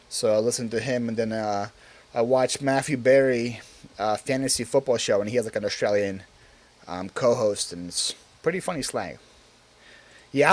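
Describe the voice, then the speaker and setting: A man's voice: medium pitch, a little mellow. A man hosting a casual live stream, rambling with lots of filler words and reading viewer comments aloud before answering them.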